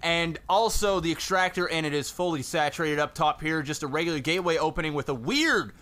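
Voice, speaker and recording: Guy casting a strategy game, kinda high bright voice, jokey and laughing a lot. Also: fairly quick. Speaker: game caster. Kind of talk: casual game commentary.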